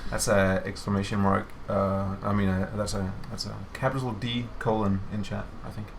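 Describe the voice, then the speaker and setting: A man's voice: fairly low pitch, level tone, normal speed, gravelly, slight background noise. A man hosting a developer livestream, chatting casually and teasing his co-host while showing player builds. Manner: jokey, teasing, playful. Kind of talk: casual chat over gameplay.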